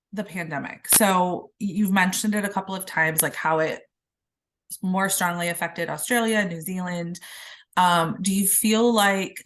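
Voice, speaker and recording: A woman hosting an interview, asking rambling questions with fillers and pauses. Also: fairly low pitch, fairly bright tone, slight background noise. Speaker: interviewer, host.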